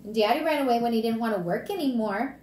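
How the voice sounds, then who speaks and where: A woman's voice: on the high side, fast talker, darkish tone, a little hiss or hum, natural voice. A woman voicing a stubborn, whiny little boy in a storybook reading, pleading and pouty. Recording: roomy echo.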